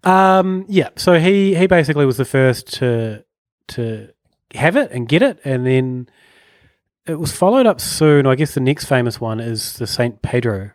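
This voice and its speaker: Young kiwi guy rambling on a podcast, jokey, mid pitch, dry sound. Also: animated, a little slow, dry recording. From New Zealand. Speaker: podcast co-host. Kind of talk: casual chat.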